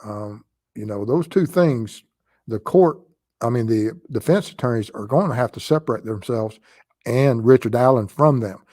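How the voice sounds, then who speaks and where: Mellow Southern man, halting live-stream talk. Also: medium pitch, no echo. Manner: halting, with frequent pauses and fillers. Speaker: host of a true crime live stream.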